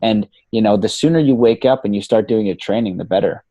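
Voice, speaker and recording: On a podcast, a coach speaks briskly in a fairly low, warm voice with no echo. He chats casually and with animation, swearing freely and leaning heavily on "man" and "you know."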